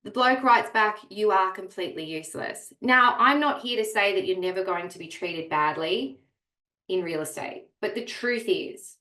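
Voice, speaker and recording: A woman's voice: mid-range voice, normal speed, bright, forceful tone, roomy sound. A woman coaching real estate agents in a webinar, speaking energetically and emphatically straight to her audience. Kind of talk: webinar presentation.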